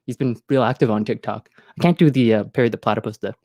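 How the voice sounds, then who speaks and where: A man's voice: medium pitch, fast talker, dark tone, slight background noise. A man streaming from home, chatting casually into a close mic, rambling with many fillers and restarts. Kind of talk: casual live-stream chat.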